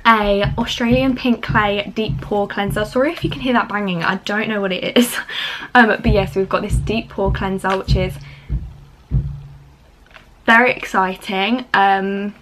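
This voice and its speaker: A woman's voice: medium pitch, steady tone, unhurried, a bit bright, slight background noise, poor audio. A young woman, chatting casually in a beauty vlog at home, gushing with lots of fillers. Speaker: beauty vlogger. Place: home, indoors.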